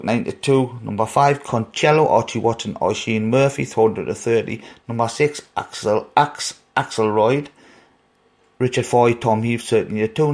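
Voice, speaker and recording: A man's voice: medium pitch, a little mellow. A man with a broad Geordie accent runs through the day's racing on his own podcast. He talks casually and with strong opinions, often stopping mid-phrase to restart or fill with hesitations. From North East England. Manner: rambling, opinionated, frequent fillers and restarts. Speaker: racing tipster podcast host. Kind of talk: casual solo podcast, race preview.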